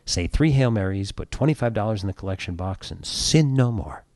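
A man voicing a resourceful old rabbi in a told joke, quiet and understated. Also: lowish voice, expressive, brisk, dry recording, studio quality, natural voice. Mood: quiet, wry.

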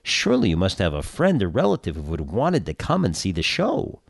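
A man's voice: low voice, wildly swooping pitch, fairly quick, creaky, breathy edge, dry recording, studio quality, heavily acted. A man doing a prim, pushy theatergoer. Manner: prim, overly polite. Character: overly polite, pushy theatergoer woman.

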